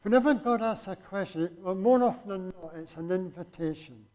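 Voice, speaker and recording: A man's voice: high-pitched, darkish tone. A man preaching a sermon and reading scripture aloud, in a conversational way that keeps asking the listeners rhetorical questions.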